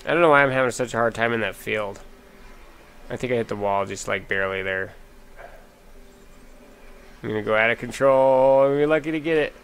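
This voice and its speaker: A man giving casual, excitable commentary while playing a racing game, talking to himself and the game and sniffling from allergies. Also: medium pitch, brisk, pauses often, clear, resonant tone. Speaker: gameplay commentator. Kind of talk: casual let's play commentary. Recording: game music playing behind.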